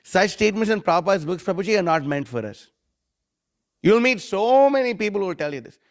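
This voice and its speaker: High-voiced man preaching with rhetorical questions. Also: sing-song, fairly quick. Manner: quotes critics in a mocking voice; recites Sanskrit verses. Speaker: devotional class speaker. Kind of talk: scripture class lecture.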